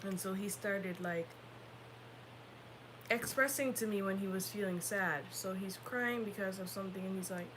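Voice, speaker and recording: Brief: bright, forceful woman, casual co-host, lively parent anecdotes, faint hiss behind. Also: mid-range voice, moderate pace, rough recording. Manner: animated storytelling, acts out her kids' voices. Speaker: podcast co-host. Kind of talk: casual chat.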